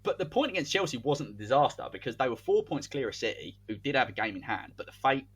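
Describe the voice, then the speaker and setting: On a laid-back podcast, a male co-host with a slightly husky voice narrates a made-up football season like live match commentary. He talks fast, animated and playful, his pitch swinging widely as the tale grows.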